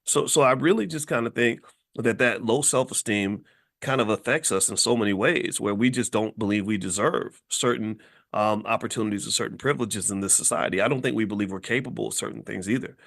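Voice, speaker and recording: A man's voice: lowish voice, brisk, vocal fry, a bit bright. A middle-aged man from Kentucky hosting a motivational commentary monologue, blunt and emphatic, repeating words as he drives home each point. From Louisville, Kentucky, USA. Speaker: host.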